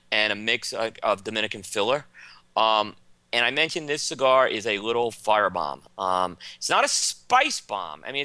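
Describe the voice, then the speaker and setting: A man's voice: medium pitch, bright, forceful tone, smooth, dry recording. A man from Brooklyn with a Brooklyn accent, co-hosting a casual show and running through cigar and coffee notes with plenty of "um"s. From Brooklyn, New York. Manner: enthusiastic, filler-heavy product rundown. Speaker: co-host. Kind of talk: casual cigar review chat.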